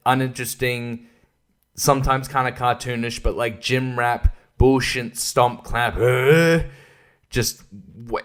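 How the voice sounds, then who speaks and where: A man giving a casual, sweary, sarcastic album review, often laughing at his own jokes. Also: mid-range voice. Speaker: music reviewer.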